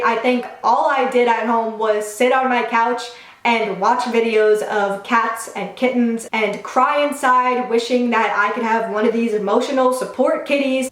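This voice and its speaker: A woman's voice: fairly high pitch, echoey room. A woman in her twenties telling a casual storytime vlog, chatty and full of "like". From Long Island, New York. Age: 20s. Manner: chatty, says "like" often. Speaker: vlogger.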